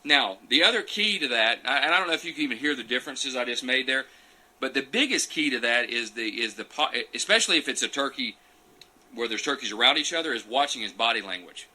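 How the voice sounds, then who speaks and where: A man with a very bright, sharp tone and a middle-pitched voice, talking casually into a phone during a live question-and-answer session. He rambles a little and answers viewers' comments as they come in. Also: animated, fast, low-quality recording. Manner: chatty, loose and digressive, reading out comments as he goes. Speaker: champion turkey caller answering viewer questions.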